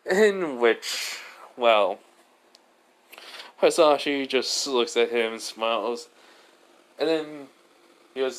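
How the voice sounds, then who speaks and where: A man telling a fan story out loud, rambling with many fillers and self-corrections. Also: medium pitch, slow pace, pauses often. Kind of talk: amateur fan story narration.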